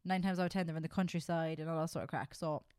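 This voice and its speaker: An Irish woman co-hosting a casual podcast, animated, swearing freely and laughing often. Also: low-pitched, very fast, clear, resonant tone, no room sound, clean studio sound. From Ireland. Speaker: podcast co-host. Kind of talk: casual chat.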